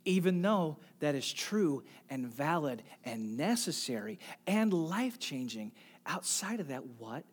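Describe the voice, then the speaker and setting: A pastor preaching a sermon, asking the congregation direct questions and swinging from soft near-whispers to loud emphatic calls. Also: mid-range voice, very animated, unhurried, slightly rough.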